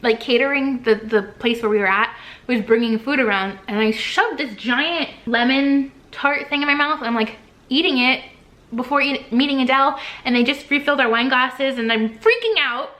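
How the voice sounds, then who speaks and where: A young woman vlogger telling an excited story to her camera, gushing, with lots of fillers and restarts. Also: sits high, normal speed.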